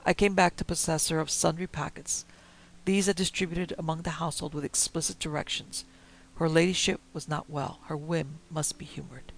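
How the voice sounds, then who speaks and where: A man narrates an old-fashioned story in a calm, measured way. His voice is gravelly and sits a little above the usual male pitch, staying quiet and even through long passages. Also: rough recording. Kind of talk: reading a Victorian story aloud.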